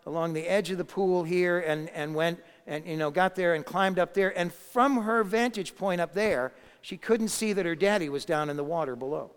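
A man's voice: high-pitched, moderate pace, few pauses, smooth. A man preaching a sermon, telling a story and building to emphatic moments. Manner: storytelling, rising to emphatic peaks. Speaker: pastor. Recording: long hall reverb.

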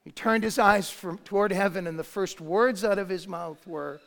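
A man delivering a dramatic sermon, his voice pitched high for a man. He moves between soft, hushed phrases and sudden shouted ones. The sound rings out with a long hall reverb. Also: normal speed, gravelly, hardly any pauses. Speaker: preacher. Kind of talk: sermon storytelling.

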